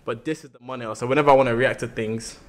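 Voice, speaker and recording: A man's voice: mid-range voice, steady tone, racing. Brief: young London man, livestream host, loose chatty delivery full of fillers. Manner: chatty, explains things loosely with lots of "like". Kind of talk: casual livestream chat.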